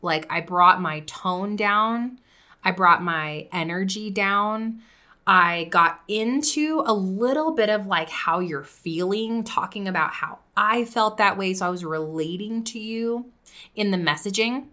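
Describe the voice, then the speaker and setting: Woman coach, bright upbeat voice, casual lesson delivery that shifts tone to demonstrate. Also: medium pitch, unhurried. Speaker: podcast coach. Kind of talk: teaching video with example pitches.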